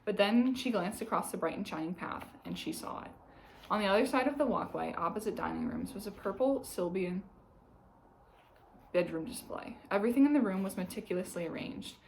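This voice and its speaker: A woman narrating a novel aloud, calm and steady, with a gravelly fry in her voice. Her pitch sits at a middle height for a woman. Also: a little fast, slight background noise, rough recording. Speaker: audiobook reader.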